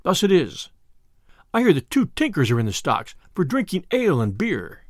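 A jolly, mocking outlaw , as a storyteller voices him, calling out and jesting in archaic words from a storybook. His voice leaps high with glee and sits fairly high overall, recorded close and dry. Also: huge pitch swings, normal speed, no room sound. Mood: teasing. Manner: jovial, mocking archaic speech. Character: merry, teasing male outlaw, young adult.

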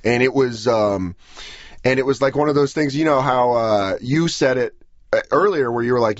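A young man, a comedian guest, talking in a rambling, self-deprecating, animated way on a podcast. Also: mid-range voice, moderate pace, dry recording, muffled recording. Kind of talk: casual podcast conversation.

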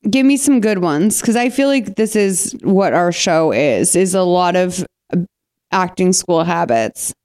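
A woman co-hosting a podcast in casual chat, chatty and quick to cut in. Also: fairly low pitch, lively intonation, darkish tone. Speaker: podcast co-host.

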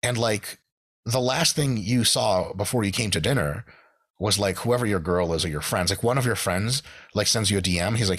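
Animated profane man, husky low voice. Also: normal speed. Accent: American. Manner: animated, profane, acts out quotes in shifted voices. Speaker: podcast guest. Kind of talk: casual storytelling.

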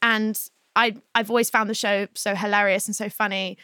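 A woman hosting a podcast interview, enthusiastic and quick to laugh. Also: medium pitch, flat delivery, sharp tone, clean tone, no echo, clean studio sound. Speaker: podcast host.

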